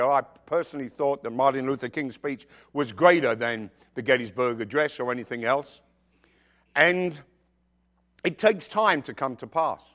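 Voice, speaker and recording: A male pastor preaching a sermon, telling personal stories in an animated, emphatic way with jokey asides. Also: a little high. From outside the United States.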